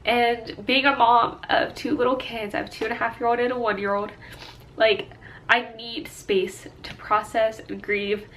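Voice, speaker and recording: A woman's voice: a little high, level tone, moderate pace, a bit bright, slight background noise. A young woman in her twenties, a stay-at-home mom, talking through tears in a casual personal vlog; she sounds congested and sniffly and rambles with many fillers and restarts.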